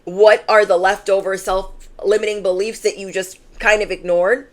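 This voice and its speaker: A woman's voice: mid-range voice, steady tone, normal speed. A woman giving a channeled tarot reading in an emphatic, chatty way, full of "like" and asides to the listener. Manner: emphatic, conversational, fillers. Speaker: tarot reader.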